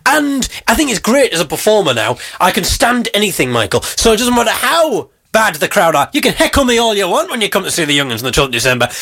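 A man hosting a comedy podcast, telling a story about himself in an animated, self-mocking way. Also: high voice, fast talker, gravelly, few pauses. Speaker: podcast host. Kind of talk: comic storytelling.

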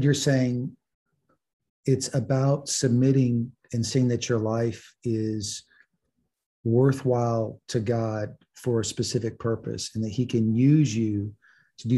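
A man hosts an interview with a mellow, husky voice. He reflects on and summarizes his guests' points at a measured pitch. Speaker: host. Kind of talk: interview conversation.

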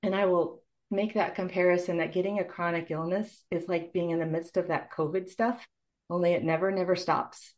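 A woman's voice: fairly low pitch, fairly even intonation, normal speed, a little mellow, muffled recording. A middle-aged woman, a nurse, telling her personal story in an interview in an earnest, heartfelt way. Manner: earnest, heartfelt, tearful at moments. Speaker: guest, nurse.

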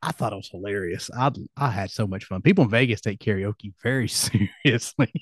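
A man in his forties hosting a casual chat, telling stories in a relaxed way with chuckles. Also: on the low side, brisk, husky, no echo, clean studio sound. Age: 40s. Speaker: podcast host.

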